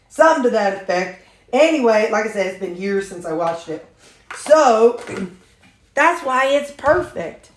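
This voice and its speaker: Fixing her supper in a home kitchen, a meal-showing vlogger chats in a middle-pitched voice that bounces around the roomy space. She's animated yet unhurried, rambling through stories with many fillers.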